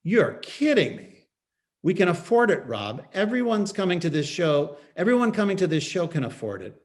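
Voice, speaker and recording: A man reading the part of an exasperated adult wife in an audiobook, with sharp, reproachful retorts in a slightly raised voice. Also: high voice, sing-song, normal speed, voice pushed up. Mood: insistent. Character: exasperated wife, adult woman, blunt and stubborn.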